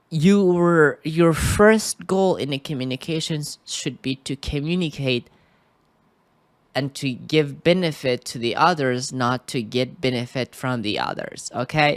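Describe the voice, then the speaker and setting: Slow, hesitant man teaching English. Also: medium pitch, no room sound. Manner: hesitant, keeps checking in with "okay?". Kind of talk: screen-recorded tutorial.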